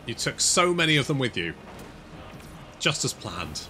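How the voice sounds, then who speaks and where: Male game streamer, lively bright voice, cheers and swears at his units, desk mic. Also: medium pitch, a little slow, soft background music. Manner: excitable, sweary, talks to units. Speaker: gaming channel host. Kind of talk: casual gameplay commentary.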